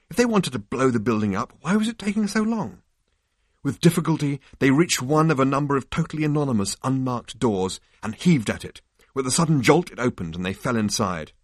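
A man narrating a book chapter in a measured, dryly expressive reading voice. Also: mid-range voice, husky, no room sound, clean studio sound. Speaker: audiobook narrator. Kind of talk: scripted narration.

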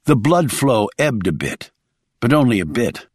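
A man's voice: medium pitch, big pitch swings, measured pace, slightly rough, no room sound, studio quality. A man reading a thriller audiobook in a dramatic storytelling voice. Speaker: audiobook narrator. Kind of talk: scripted thriller narration.

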